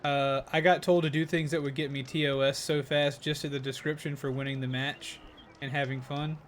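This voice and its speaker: A man's voice: a little high, little pitch movement, brisk, slight background noise. Chatty male game streamer. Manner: chatty, upbeat, often thanking viewers. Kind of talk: casual live gaming commentary.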